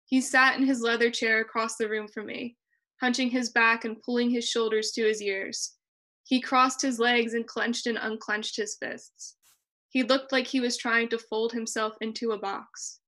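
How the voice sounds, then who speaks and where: A young adult woman, a student, reads her personal essay aloud over a video call. Her voice is bright and slightly high, and she delivers the text in a measured, expressive way.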